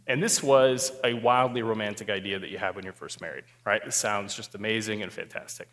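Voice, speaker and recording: Man telling a funny story in an echoing hall. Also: brisk. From Sioux Falls, South Dakota. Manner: animated storyteller, self-mocking humor, gets louder and higher at climaxes. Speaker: marriage therapist speaking at a church group. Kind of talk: storytelling talk to a live group.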